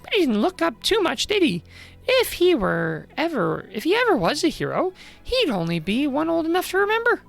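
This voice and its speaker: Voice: huge pitch swings, normal speed, vocal fry, soft background music, heavily acted. A streamer voicing a cheeky little fairy who chatters in heavy slang. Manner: chirpy, slang-heavy, high and bright.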